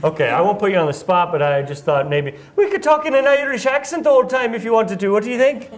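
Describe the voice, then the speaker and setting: Talking fast in a high, expressive voice with a little hiss or hum in the audio, a young man from Iowa hosts on stage. He asks questions casually, wanders off topic, jokes at his own expense, and laughs a lot.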